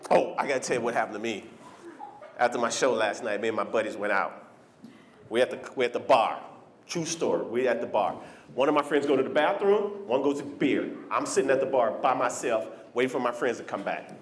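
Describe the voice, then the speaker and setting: A man doing animated stand-up comedy on a club stage, teasing the crowd. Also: medium pitch, brisk.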